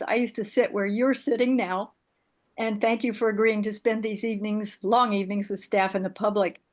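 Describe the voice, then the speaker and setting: An older woman losing her voice, giving a measured, formal public comment at a city board meeting. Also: medium pitch. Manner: measured, formal, reads prepared points.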